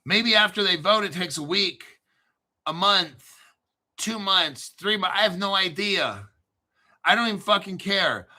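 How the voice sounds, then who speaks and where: Brash foul-mouthed man with a bright voice. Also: high voice, expressive, a little slow, long pauses. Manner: brash, sarcastic, swears a lot. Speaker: crypto channel host. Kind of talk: profane ranting monologue.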